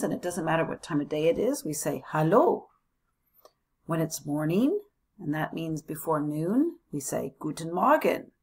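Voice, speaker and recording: American woman teaching a class, slightly low breathy voice, says each phrase slow and repeats it. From United States. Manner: slow, careful modeling of phrases, repeating them. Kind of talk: language lesson.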